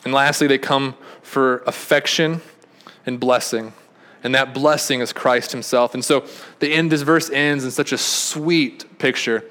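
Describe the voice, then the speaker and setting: A pastor preaches an earnest sermon in a mid-range voice, a little slow and fairly even in intonation. He often repeats and restarts phrases, swinging between emphatic peaks and quiet, soft statements.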